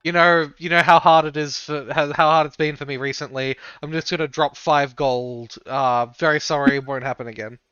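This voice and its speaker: A man's voice: on the high side, steady tone, brisk, few pauses, pushed and bright, clear, resonant tone, dry recording. A man playing a tabletop game, hesitant and full of fillers, on a slightly dull lo-fi mic. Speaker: player.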